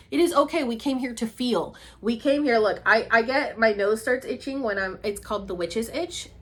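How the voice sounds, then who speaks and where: Chatty and full of energy, a Puerto Rican woman talks to the camera in a casual vlog of the talking-head kind. She alternates between murmuring low and bursting out high with excitement.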